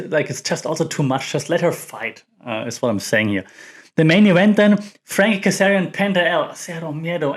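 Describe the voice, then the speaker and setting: A man hosting a podcast, giving a casual, rambling recap full of fillers and restarts. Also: fairly high pitch. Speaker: podcast host. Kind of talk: casual wrestling recap commentary.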